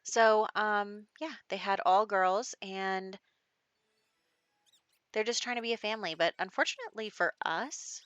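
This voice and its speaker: A woman's voice: medium pitch, measured pace, fairly bright tone, dry recording, muffled recording. A woman giving casual, chatty let's-play commentary on a life-sim game, laughing often. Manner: chatty, laughs often, speaks lines for characters in passing. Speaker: gameplay commentator.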